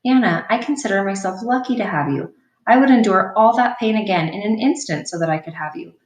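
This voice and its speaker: A woman reading a gentle, caring mother. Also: mid-range voice, animated, fairly quick, natural voice. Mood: tender. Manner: gentle, reassuring, firm when pressed. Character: caring middle-aged mother comforting her daughter. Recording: roomy sound from a distant mic.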